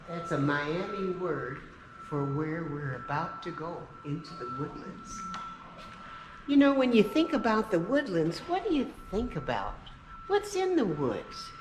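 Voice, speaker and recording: A woman guides children through a museum in an unhurried, animated voice, her pitch rising and falling freely. She chats with a puppet sidekick and her young audience. Steady traffic and outdoor ambience sit behind her. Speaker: museum educator. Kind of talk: children's virtual museum tour. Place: outside and inside a museum.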